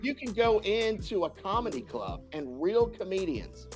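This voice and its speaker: Casting note: male dating coach, animated and profane, laughs easily, faint music underneath. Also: high voice, normal speed. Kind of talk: podcast interview answers.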